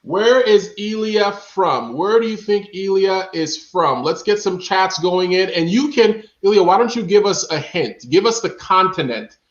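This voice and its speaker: Speaking a little slowly with few pauses, a man whose expressive voice sits high hosts a live online show. He quizzes his guest playfully, calls out chat guesses, and repeats questions to the chat; the audio is dull lo-fi with room echo.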